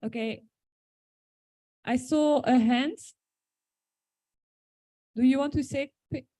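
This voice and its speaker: A woman chairing a large meeting and calling the roll in a brisk, procedural way. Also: high voice, warm tone, no room sound.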